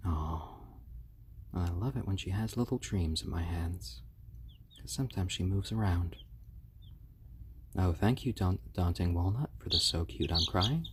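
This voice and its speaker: A man hosting a casual live stream, talking softly and fondly to baby chicks, with relaxed, halting speech full of fillers. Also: deep voice, a little hiss or hum. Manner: soft, fond cooing to baby birds. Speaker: live-stream host showing pet chicks.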